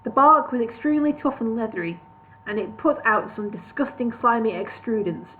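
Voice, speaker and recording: A woman narrating a comic fantasy novel aloud, relaxed, with the odd slip and restart. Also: a little high, normal speed, a little hiss or hum. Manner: relaxed reading with slips and restarts. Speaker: reader of a parody novel. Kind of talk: storybook narration read live. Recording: tinny phone-like sound.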